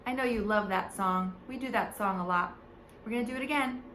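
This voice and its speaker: A woman's voice: medium pitch, brisk, fairly bright tone, echoey room, slight background noise. A woman teaching a preschool music lesson on video from home, seated, talking to small children in a sing-song teacher voice. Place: home, seated in front of a camera.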